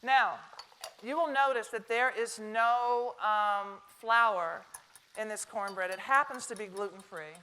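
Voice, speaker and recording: Woman, Southern American accent, middle-aged, bright forceful voice, chatty and joking, live cooking demo. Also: fairly high pitch, a little slow, slight background noise. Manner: chatty, joking, talks to the audience. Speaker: cooking demonstrator. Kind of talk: live cooking demonstration to an audience. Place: stage kitchen before a live audience.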